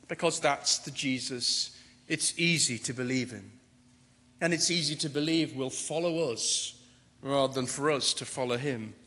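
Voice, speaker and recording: A man's voice: fairly high pitch, fairly bright tone. A man preaching a sermon, dramatic and rising to emphatic declarations. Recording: long reverb of a large hall.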